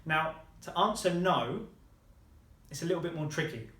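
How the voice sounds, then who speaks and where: Brief: male tutor, a bit high-pitched, patient and encouraging, recorded in an echoey room. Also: animated, sharp tone. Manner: patient, encouraging, models words slowly. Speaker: language teacher. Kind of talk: one-on-one language lesson.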